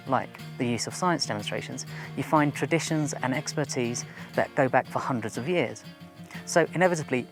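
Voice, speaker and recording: A man, a science teacher presenting a documentary to camera in a chatty, informal and self-deprecating way. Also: mid-range voice. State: a bit out of breath. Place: outdoors on a mountain top.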